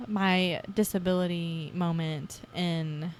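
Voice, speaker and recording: A young woman in her twenties, hosting her own podcast, telling her story in a chatty, casual way and acting out her past self with lively jumps in voice. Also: lowish voice, slow pace, a little hiss or hum. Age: 20s. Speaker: podcast host. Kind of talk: casual personal podcast monologue.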